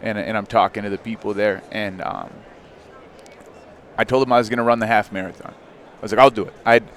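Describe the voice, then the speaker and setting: A man in his thirties, a podcast guest, telling a personal story in a candid, animated way with frequent fillers. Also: lowish voice, brisk. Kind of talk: casual storytelling.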